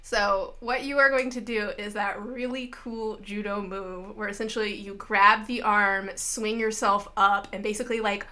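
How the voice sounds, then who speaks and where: Bright-voiced woman game master. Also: mid-range voice, normal speed, few pauses. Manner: lively, frequent filler "like". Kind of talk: narrating a tabletop game.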